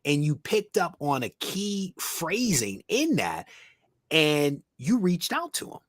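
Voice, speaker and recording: A man's voice: fairly high pitch, wildly swooping pitch, slow, no echo, clean studio sound. A man hosting a live stream, encouraging his guest and summing up his points. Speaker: host. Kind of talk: live-stream talk show.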